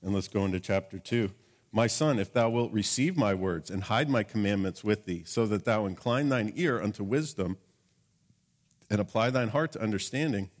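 A man preaching a sermon in an earnest tone, his voice sitting a little on the low side. He reads scripture aloud and keeps asking his listeners rhetorical questions. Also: lively intonation, moderate pace. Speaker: pastor.

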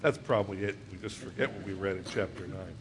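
A man's voice: low-pitched, fast, noisy background. A man preaching to a congregation, reading scripture aloud and explaining it conversationally, often asking his listeners questions. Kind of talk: verse-by-verse Bible teaching.

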